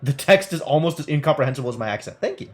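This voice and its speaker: A man's voice: mid-range voice, racing. A male game streamer reading a text game aloud and thinking through it, playful and wry, with casual commentary.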